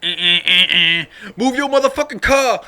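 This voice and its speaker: A man imitating a furious male bus driver who yells profanity and threats. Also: mid-range voice, fairly quick, lightly acted. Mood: angry.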